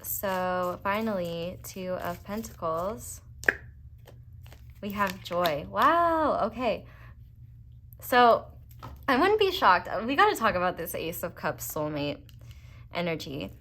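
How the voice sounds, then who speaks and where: A woman's voice: medium pitch, very animated, slow, long pauses, fairly bright tone, a little hiss or hum. A young woman, doing a casual, rambling tarot reading full of fillers and earnest asides. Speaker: tarot reader.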